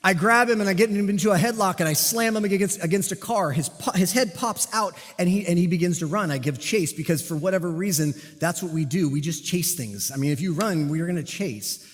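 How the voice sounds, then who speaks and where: A man delivers a sermon in a church sanctuary, shaping a personal story with animated timing and dry jokes at his own expense. His voice sits a bit high for a man. Long reverb from the hall trails behind each phrase. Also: fairly quick, few pauses. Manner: animated storytelling with self-deprecating humor. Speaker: pastor and police officer.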